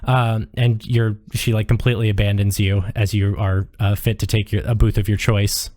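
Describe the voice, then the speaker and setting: A man's voice: fairly low pitch, flat delivery, moderate pace, darkish tone, no echo, clean studio sound. A man narrating a tabletop game as game master in a casual, loose way with many fillers.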